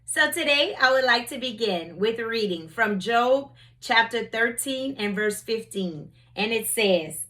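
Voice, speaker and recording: Bright-voiced woman hosting a faith talk. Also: on the high side, animated, unhurried. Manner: conversational, storytelling, many "you know"s. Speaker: host.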